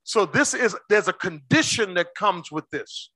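A man preaching a sermon as pastor, quizzing his congregation with quick questions and slowing down hard to stress key words. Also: sits high, lively intonation, bright, forceful tone, no echo. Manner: call-and-response questions to the congregation.

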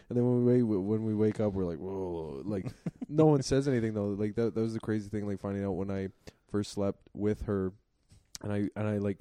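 A young man with a low, dark voice tells rambling, self-deprecating stories in a casual podcast chat. He leans on filler words as he goes. The recording is close and dry. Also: no room sound. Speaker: podcast co-host.

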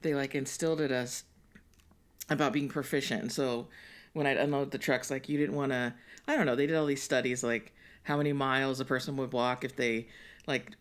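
A woman's voice: rumbling low, fairly even intonation, fairly quick. A woman in her forties co-hosting a podcast, chatting casually in a rambling way and laughing often mid-sentence. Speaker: podcast co-host. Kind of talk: casual chat.

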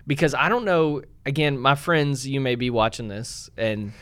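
A man of medium pitch talking in a casual, earnest way about faith on a podcast. He pokes fun at himself and laughs easily. He keeps the tone friendly as a co-host. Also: moderate pace, fairly bright tone, smooth. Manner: earnest, self-deprecating, laughs often.

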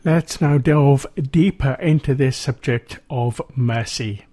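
A man presenting a Christian radio show, reading Bible passages and preaching in a measured, earnest way. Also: mid-range voice, dark tone, husky, faint music behind.

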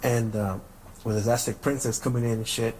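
A man's voice: medium pitch, fairly even intonation, brisk, a little mellow, a little hiss or hum, low-quality recording. A man from Southern California hosting a podcast, telling stories casually and profanely, with frequent restarts. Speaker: podcast host. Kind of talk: casual storytelling.

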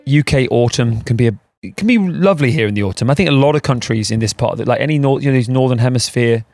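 A man hosting a podcast in casual chat, rambling and animated and laughing often, recorded outdoors in a garden. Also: mid-range voice, fast, dry recording, soft background music. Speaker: podcast host.

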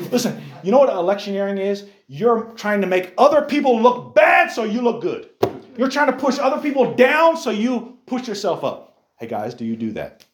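A man preaching a sermon as a youth pastor, animated, firing rhetorical questions at a youth group. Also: sits high, roomy sound, noisy background.

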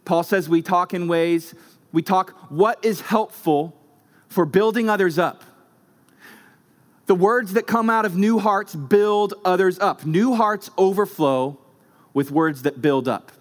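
A man's voice: high voice, takes it slowly. A man preaching a sermon as pastor, emphatic, driving points home with short repeated phrases.

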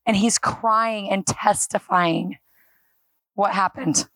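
A woman preaching a sermon to a church congregation, telling stories with animated acted-out dialogue. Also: on the high side, normal speed, dry recording. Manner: animated storytelling, acting out dialogue and laughing.

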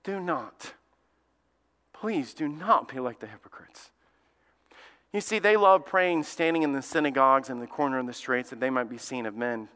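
A middle-aged man preaching a sermon as lead pastor, animated and joking, acting out quick little scenes with his listeners. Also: medium pitch. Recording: long hall reverb.

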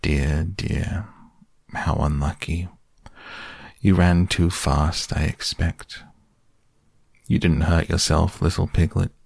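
A gloomy old donkey drags out each word in a storybook reading, voiced by a man. The voice is deep and gravelly, mournful and slow. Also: fairly even intonation, darkish tone, no echo, clean studio sound, exaggerated voice.

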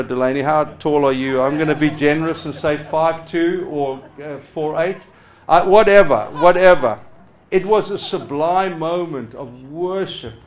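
Middle-aged pastor, male, fairly high voice, preaching with passion, loud then hushed. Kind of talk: sermon. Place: church hall with a congregation.

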